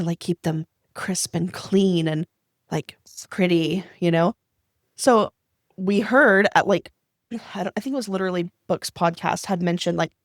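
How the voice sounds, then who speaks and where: A woman co-hosts a podcast in an excitable, chatty way, her feelings running close to the surface. Her voice sits at a middling pitch and is captured dry and close with no room echo. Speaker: podcast co-host. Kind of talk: casual interview chat.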